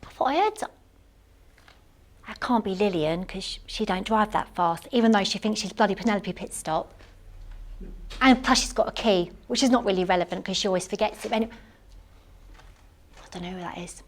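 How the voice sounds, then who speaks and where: A woman playing a chatty, cleaning-obsessed housewife in a live one-woman comedy monologue, gushing and excitable, full of rambling asides. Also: medium pitch, fairly quick, long pauses, close to an everyday voice. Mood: gushing chatter. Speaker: stage comedy performer. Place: theatre stage.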